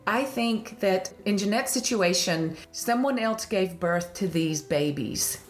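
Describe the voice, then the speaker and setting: A woman with a Southern country accent hosts a casual faith-based podcast, laughing often and telling stories with animation. Her medium-pitched voice is animated and slow, with faint music in the background.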